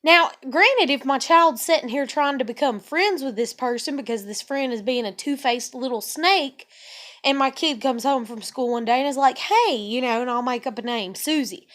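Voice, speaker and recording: A woman's voice: high-pitched, normal speed, fairly bright tone. A woman, venting in an exasperated monologue full of rhetorical questions. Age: 30s. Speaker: vlogger.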